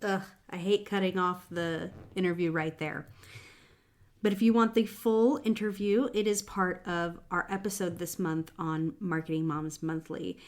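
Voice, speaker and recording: A woman's voice: on the low side, steady tone, a little slow. A woman podcast host, upbeat, closing the episode with a promotion for the membership.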